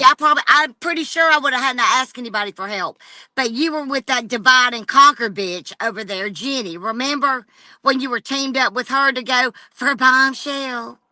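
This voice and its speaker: A woman's voice: sits high, bright, forceful tone, no echo. A woman livestreaming an angry, profane rant straight at a rival. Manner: profane and confrontational, addressing a rival directly.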